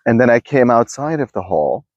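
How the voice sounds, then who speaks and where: A man with a mid-range voice hosts a self-help video from his backyard, musing casually and rambling to the camera while often restarting his sentences. The recording sounds dry and lo-fi.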